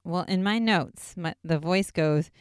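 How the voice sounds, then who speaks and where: Low smooth-voiced woman recapping casually. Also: unhurried, no echo, studio quality. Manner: chatty, many "like" fillers, excitable retelling.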